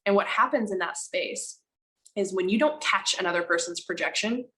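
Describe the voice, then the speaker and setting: A woman speaking candidly as a podcast guest, animated and emphatic, slowing down to stress her words and now and then swearing for emphasis. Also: on the low side, a little hiss or hum, poor audio. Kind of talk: candid conversational storytelling.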